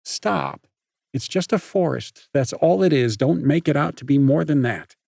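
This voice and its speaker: A man voicing a stubborn, practical teenage girl in an audiobook, with a husky voice. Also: fairly high pitch, unhurried, a little mellow, dry recording, clean studio sound, pitched above the performer's own voice. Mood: forceful.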